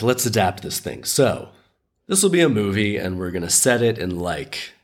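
Husky, sardonic man retelling a fairy tale. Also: fairly low pitch. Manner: sardonic, animated, profane. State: recovering from illness. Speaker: podcast host.

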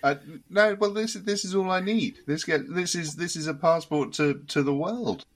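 A man's voice: high voice, normal speed. A man co-hosting a podcast in casual chat, with dry, wry humour. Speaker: podcast co-host.

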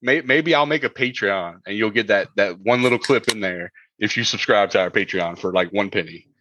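A man's voice: fairly low pitch, a little fast, pushed and bright, muffled recording, a little hiss or hum. A man hosting a casual podcast over a video call, joking and laughing often as he talks. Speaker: podcast host.

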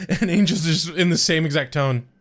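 A man co-hosting a casual podcast that recaps a TV episode. He reacts expressively, with quick laughs and exclamations. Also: on the high side, fairly bright tone. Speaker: podcast co-host.

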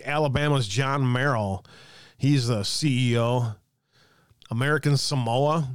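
A man's voice: mid-range voice, normal speed. A man with an ordinary mid-range voice hosts a ranting commentary show. He reads aloud from a screen and drops sarcastic, muttered asides with casual swearing. The sound is close and dry, with no room echo. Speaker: host of a political commentary show. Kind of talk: ranting online commentary, reading aloud from a website.

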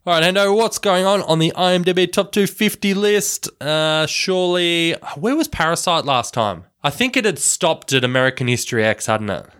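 Male co-host, lively pitch swings, teasing and quick to laugh. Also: clear, resonant tone. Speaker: podcast co-host. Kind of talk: casual chat.

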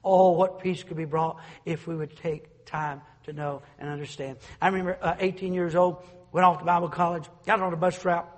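A man preaching a fervent sermon. He swings from loud declarations to soft asides and stumbles through restarts. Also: a little high, level tone, moderate pace. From North Carolina, USA. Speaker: pastor. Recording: long reverb of a large church hall.

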